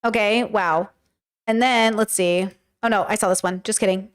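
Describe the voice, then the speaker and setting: A woman's voice: fairly high pitch, slow pace, smooth, faint music behind. A woman streamer reacting to videos in casual commentary, incredulous and thinking aloud as she rambles.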